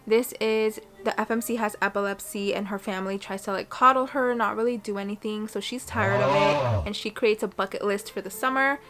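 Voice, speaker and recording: A woman's voice: mid-range voice, brisk, few pauses, music in the background. A young woman in her twenties chatting casually on a book vlog from her reading corner at home, gushing and emotional. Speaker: book vlogger.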